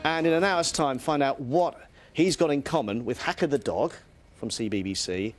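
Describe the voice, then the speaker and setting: A man, mid-pitched, reads the sports round-up on a breakfast TV show. He is brisk and bright, and he slips in light banter between items. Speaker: sports news presenter.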